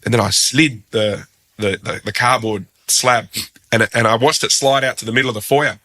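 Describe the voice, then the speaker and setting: A man with an Australian accent, a guest telling a story in a casual, animated and self-deprecating way, acting out the quotes. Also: medium pitch, normal speed.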